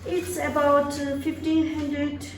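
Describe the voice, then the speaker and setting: A woman student practicing English in class, speaking carefully and haltingly. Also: high-pitched, little pitch movement, roomy sound, recorded from a distance, a little hiss or hum. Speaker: language student.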